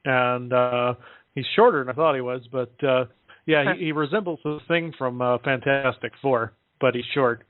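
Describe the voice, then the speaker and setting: A man talking casually on a call-in show, halting often with fillers as he relays what he is told. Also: mid-range voice, dry recording. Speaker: guest relaying contact reports. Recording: dry tinny phone line.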